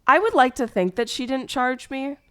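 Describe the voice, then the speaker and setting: A woman's voice: high voice, animated, normal speed, clean tone. A young woman streamer chatting casually, telling a hurt story in a rambling way, with many fillers and restarts.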